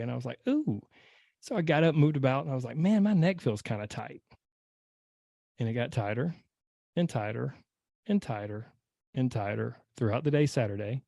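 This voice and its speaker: A man hosting a podcast, telling a personal story in a casual, animated way and acting out his own inner voice. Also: mid-range voice, gravelly, dry recording, studio quality. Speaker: podcast host and weight-loss coach.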